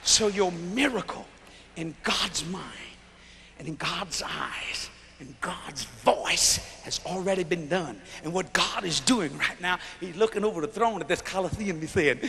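A man preaching at a big revival crusade in a folksy, joking style, shouting lines and then dropping to a low voice. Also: animated, normal speed, creaky, a little hiss or hum. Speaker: guest preacher. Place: large arena crusade. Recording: live arena sound with reverb.

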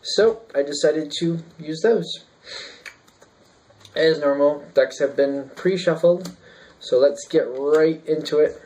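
A man with a somewhat high voice talks through a tarot reading in an easy, casual way. He rambles as he thinks aloud, with plenty of ums and restarts. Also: takes it slowly, a little mellow, poor audio. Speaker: tarot reader.

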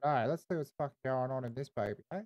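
A man's voice: mid-range voice, very fast, a little mellow. Laid-back Australian man swearing constantly. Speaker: roleplay streamer. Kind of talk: casual in-character game roleplay.

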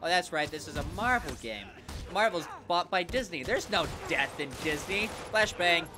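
A man's voice: on the high side, very animated, moderate pace. A young man doing goofy let's play commentary with crude jokes. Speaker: gaming YouTuber. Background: game music.

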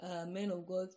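A woman's voice: on the low side, mellow. A Nigerian-accented woman preaching in an informal podcast sermon, earnest and conversational, often checking "you understand?".

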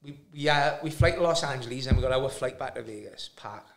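A man's voice: medium pitch, fairly quick, creaky. A man telling a funny travel story in casual chat, acting out the other people's voices. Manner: animated anecdote-telling with voiced impressions. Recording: roomy echo.

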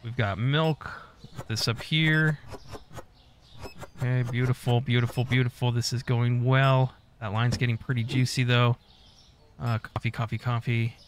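A man's voice: medium pitch, steady tone, measured pace, a little hiss or hum. A man giving casual, profane gameplay commentary, mock-scolding customers and staff as he plays. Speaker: gaming YouTuber.

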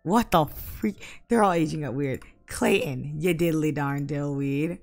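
A woman giving casual Let's Play commentary, exasperated and bursting into loud outbursts at the game. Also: low-pitched, unhurried, faint music behind. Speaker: gaming YouTuber.

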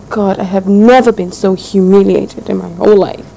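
A woman's voice: medium pitch, fairly even intonation, a little slow, creaky, warm tone, slight background noise, poor audio. An actress playing a spoiled young woman who complains indignantly about her neglectful fiance. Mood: aggrieved. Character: spoiled, wounded young woman, a rich man's daughter. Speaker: jilted fiancee.

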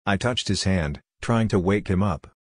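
Male horror narrator, very low husky voice, dry close sound, somber delivery. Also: normal speed, no room sound.

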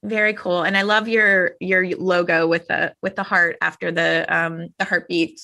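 A woman hosts a podcast in a chatty, effusive way and is quick to empathize. Her voice is lowish and sharp-toned, with a gravelly fry running through it. She talks with a guest over a video call. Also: level tone. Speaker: podcast host. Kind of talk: casual podcast conversation.

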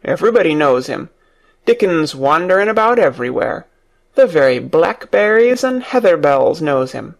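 A man's voice: on the high side, big pitch swings, normal speed, gravelly. A man voicing a surly, blunt old male gardener in an audiobook, speaking in a rustic dialect.

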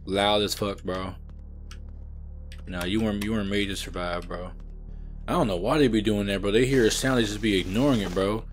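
A young man commentating a horror game he is playing, loud and exasperated, with lots of slang and cursing. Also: on the low side, a little fast, a little hiss or hum. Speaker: gaming streamer. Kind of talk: let's play commentary.

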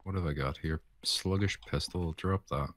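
A man's voice: sits low, moderate pace, fairly bright tone, slight background noise. A man co-hosting a casual game playthrough, laid-back and joking. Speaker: gaming co-host. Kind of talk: casual let's-play chat.

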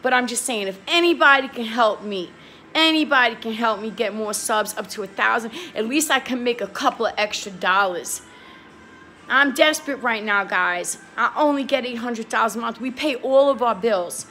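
A woman's voice: a little high, fairly quick, sharp tone, a little hiss or hum. A young woman talking straight to her viewers, heated and pleading, swearing and repeating herself. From New York. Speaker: vlogger. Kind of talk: emotional talk to camera.

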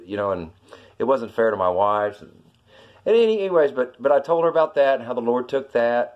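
Rambling middle-aged man. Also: lo-fi sound. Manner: rambling, repeats "I says" and "you know"; voice climbs high when excited. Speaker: vlogger telling a witness story. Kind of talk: casual storytelling testimony.

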